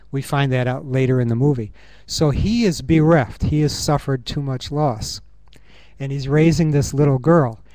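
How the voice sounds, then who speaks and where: A man's voice: medium pitch, a little mellow, dry recording. Earnest man giving a talk. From United States. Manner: earnest, musing, thinks aloud with pauses and fillers. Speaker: conference speaker. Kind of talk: reflective conference talk. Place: university conference room.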